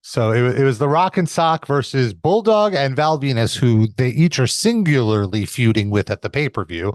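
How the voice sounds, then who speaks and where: A man's voice: medium pitch, lively intonation, normal speed, dry recording, studio quality. A man hosting a casual podcast, recapping an old episode in an explanatory way, with frequent fillers and some somber asides. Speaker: podcast host reviewing wrestling episodes.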